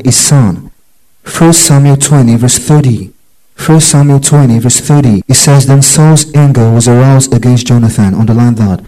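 A man's voice: medium pitch, mellow, poor audio. A man teaching a Bible study, reading verses aloud and telling listeners which words to underline.

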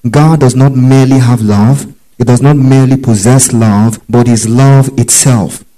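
A man's voice: medium pitch, fairly even intonation, measured pace, dark tone, rough recording. A man teaching a Bible study, reading out scripture references in long lists, spelling out words and telling listeners what to underline. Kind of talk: dictated Bible study lesson.

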